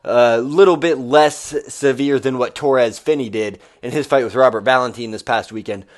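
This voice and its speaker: An energetic man breaks down upcoming fights in a loose, rambling way, dropping the odd swear word. His voice sits at an ordinary middle pitch. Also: normal speed. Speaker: podcast host. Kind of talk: casual fight preview commentary.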